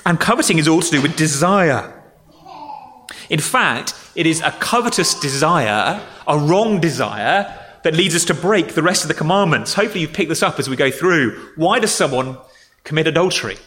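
A man preaches a sermon in a conversational way, acting out grumbling voices now and then. His voice is bright and forceful, sitting a little high. It rings with the long reverb of a large hall. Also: animated, normal speed. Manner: conversational, with acted-out grumbling quotes.

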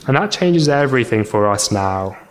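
A man's voice: very animated, normal speed, slight background noise. Earnest man preaching a sermon. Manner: earnest, repeats words when restarting, rises in pitch for emphasis. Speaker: pastor.

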